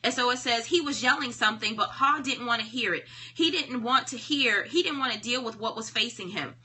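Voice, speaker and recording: A woman's voice: on the high side, a little fast, sharp tone, slightly rough. A woman hosting a live-stream book discussion. She talks in a conversational, preacherly way and keeps checking in with "right?". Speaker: live-stream host reading a self-help book.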